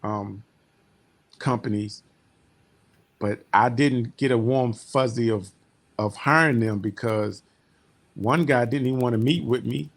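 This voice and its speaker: A man's voice: mid-range voice, measured pace, creaky, pauses often. Heartfelt man telling his story. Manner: rambling and heartfelt, trailing off quietly. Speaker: military veteran giving a client testimonial. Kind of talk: personal testimonial storytelling.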